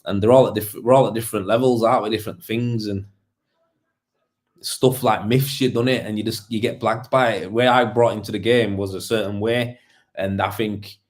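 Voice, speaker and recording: A young man, a plasterer, hosting a casual livestream, talking bluntly with a lot of swearing, rambling and calling people mate. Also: fairly low pitch.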